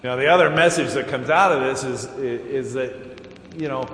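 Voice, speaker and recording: Folksy, chuckling pastor in an echoing church. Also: male voice, medium pitch, moderate pace, fairly bright tone. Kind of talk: sermon. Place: large church sanctuary. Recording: echoey church hall with faint room noise.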